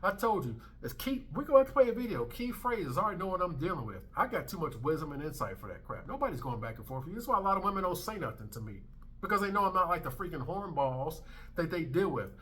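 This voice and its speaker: Man in his thirties, vlog host; brash emphatic rant, bright tense tone. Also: fairly high pitch, very animated, quick pace. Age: 30s. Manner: brash, emphatic, swearing freely. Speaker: commentary channel host. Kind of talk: ranting commentary vlog.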